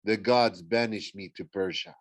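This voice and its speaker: A man's voice: lowish voice, normal speed, no room sound, close to an everyday voice. A man voicing a hungry, boastful male monster with a heavy French accent, reading an audiobook. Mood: gloating. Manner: sneering, boastful.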